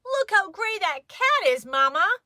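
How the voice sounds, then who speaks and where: A woman voicing a cheerful father in a children's story, calling out loud, amazed exclamations. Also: very high voice, sing-song, a little slow, no echo, clean studio sound, pitched above the performer's own voice, full character voice.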